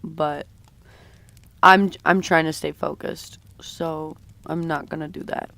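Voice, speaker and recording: Slow-talking woman streamer chatting while drawing. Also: deep voice, steady tone, gravelly, a bit bright. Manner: chatty, talks while drawing, reads and answers chat. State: sounds sick and husky. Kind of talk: casual drawing livestream chat.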